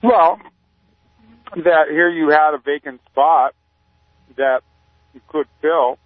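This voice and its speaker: Male caller-guest, deadpan and rambling, heard over a thin phone line. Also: on the high side, takes it slowly, no echo. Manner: rambling, deadpan, many fillers. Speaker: activist guest. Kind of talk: casual radio interview.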